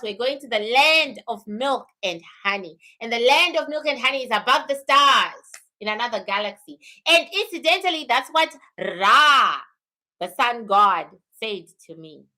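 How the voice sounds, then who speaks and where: Bright-voiced woman hosting a spiritual livestream. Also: fairly high pitch. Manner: emphatic, repeats phrases, reads out viewer comments and thanks. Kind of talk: live-stream talk answering viewer questions.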